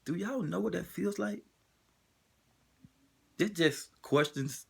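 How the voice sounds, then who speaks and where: A man's voice: sits high, slow pace, gravelly, slightly rough. A man delivering an emotional spoken monologue, driving it forward with the same pointed rhetorical question again and again.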